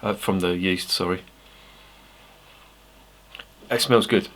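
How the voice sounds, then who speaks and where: Deep-voiced English man, chatty beer vlogger. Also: fairly even intonation, slow, a bit bright. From England. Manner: chatty, swears freely, self-mocking asides. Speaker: beer reviewer. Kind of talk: casual rambling tasting review.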